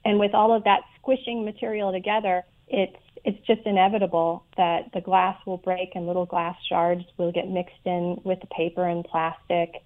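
A woman being interviewed as a radio guest over a phone line, explaining things in a measured way with frequent ums. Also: on the low side, level tone. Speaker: guest, president of a recycling institute.

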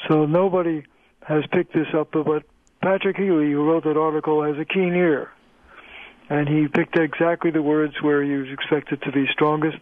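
An older man, a linguist, explaining things in a measured lecturing way during a phone-in radio interview. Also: a little high, flat delivery, dry recording. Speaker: linguist guest. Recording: tinny phone line.

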